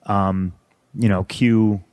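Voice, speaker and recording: Low-voiced guy in his 30s, cursing and griping bluntly, dry close sound. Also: level tone, very slow, darkish tone, no room sound. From United States. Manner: blunt and profane, frustrated griping. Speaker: interview guest, pro wrestler. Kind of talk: casual storytelling interview.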